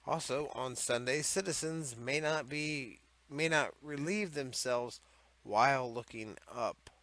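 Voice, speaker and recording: Male host, sharp bright voice, loose sarcastic rambling commentary with swearing. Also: medium pitch, takes it slowly, no room sound. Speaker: host of a comedy series on odd laws. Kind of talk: casual comedic commentary.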